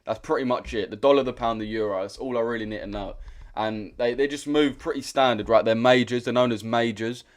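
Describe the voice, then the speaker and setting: A man's voice: mid-range voice, a little fast. A young British man hosting a trading livestream, chatting casually in a blunt, slangy way that repeats itself. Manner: slangy and direct, repeats himself.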